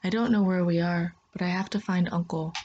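A woman voicing a frightened young girl who urgently whispers to hush her little brother. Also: fairly low pitch, fairly even intonation, fairly quick, highs cut off, slight background noise, lightly acted. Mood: anxious pleading. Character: frightened young girl, protective older sister.

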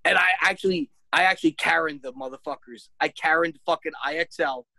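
Bright-voiced woman ranting with heavy profanity. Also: low voice, brisk, no room sound, poor audio. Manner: exasperated ranting, heavy swearing, laughs; rises to shrieking when worked up. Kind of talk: profane casual chat.

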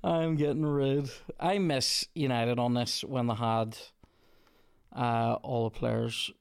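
A man's voice: mid-range voice, slow, vocal fry, clean tone. Sweary Northern Irish man gaming. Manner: sweary, excitable outbursts at the game. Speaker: podcast host. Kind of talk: casual gaming chat and commentary. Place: indoors with a small audience.

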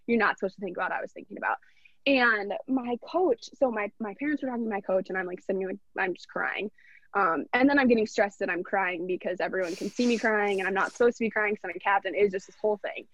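A woman's voice: medium pitch, fast talker, fairly bright tone, no echo. Young woman telling a story, muffled recording. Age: young adult. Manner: earnest, rambling, heartfelt retelling. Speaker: podcast guest, college athlete. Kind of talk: casual personal storytelling. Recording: dull, dry lo-fi recording.

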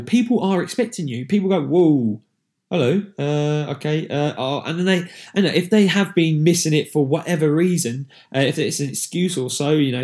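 A man's voice: mid-range voice, a little mellow. A man, a fitness coach giving a chatty, rambling motivational talk to camera, digressing and joking about himself.

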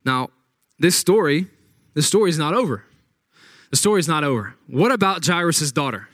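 Man, pastor, sermon, fairly high voice, dry close recording, dramatic storytelling. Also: lively intonation, moderate pace, fairly bright tone, no room sound. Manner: dramatic retelling with acted-out quotes.

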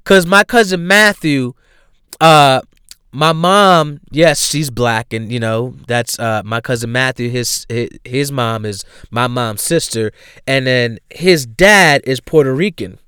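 A man telling a funny personal story in a casual, animated way, laughing often and using slang and swearing. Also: medium pitch, slow pace, smooth, no room sound, clean studio sound.

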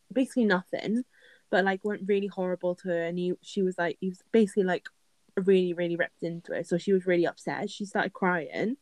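A woman's voice: fairly low pitch, darkish tone, no room sound, low-quality recording. A young woman, chatting casually as an advice co-host and using lots of "like" fillers. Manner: chatty, filler-heavy, laughs often. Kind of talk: casual chat.

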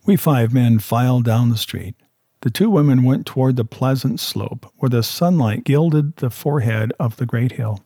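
Guy reading a story out loud, husky and mellow, dry close sound. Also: medium pitch, normal speed, no echo. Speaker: audiobook reader. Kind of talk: scripted narration.

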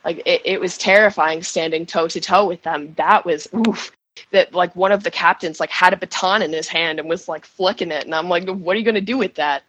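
A shaken woman giving an emotional first-person account as a guest, halting and restarting, with nervous laughs. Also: fairly low pitch, steady tone, fairly bright tone, no room sound, poor audio. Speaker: guest recounting events.

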